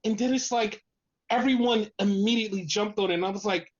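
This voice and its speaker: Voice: a little fast, lo-fi sound. A podcast co-host ranting in casual talk, swearing constantly and sounding fed up. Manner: profane, exasperated ranting; animated, mimics others in a lower voice.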